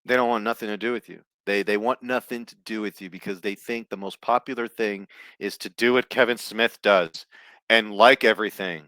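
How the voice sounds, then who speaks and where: A man's voice: fairly low pitch, fairly even intonation, a little fast, bright, forceful tone, no echo. A man hosting a solo commentary show, ranting bluntly and sarcastically with plenty of swearing. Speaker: host.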